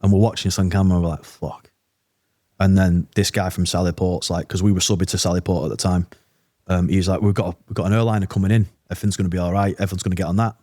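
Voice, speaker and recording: A man's voice: sits low, flat delivery, rapid-fire, mellow, dry recording, studio quality. A British man, an army veteran, telling a war story bluntly with swearing and quoted dialogue in a casual podcast interview.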